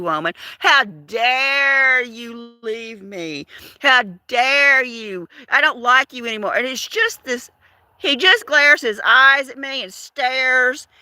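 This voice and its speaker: A woman's voice: sits high, sharp tone, no room sound. An older woman hosting a casual livestream, chatting in a gossipy way, laughing often and asking her viewers questions. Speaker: livestream host. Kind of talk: casual live chat.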